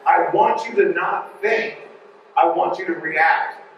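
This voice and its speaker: A man with a high voice gives a conference talk in a jokey, animated way. He sounds far from the mic, and his voice rings through a large, very echoey hall. A faint room ambience hums behind him. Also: slow pace, muffled recording, a little hiss or hum. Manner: joking, animated, digressive. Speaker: conference speaker.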